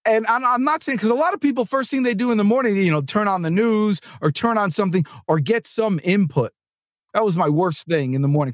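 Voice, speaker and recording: Man from New Jersey, podcast host, high voice, lively swooping pitch, rambling, dry close sound. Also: dry recording. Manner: animated and rambling, with many restarts. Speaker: podcast host and sales trainer. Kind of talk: casual motivational monologue.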